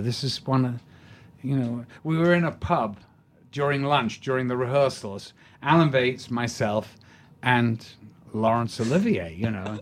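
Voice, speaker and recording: Older actor telling stories. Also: male voice, medium pitch. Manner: rambling with many restarts, amused. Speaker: actor guest. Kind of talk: casual anecdote in an interview.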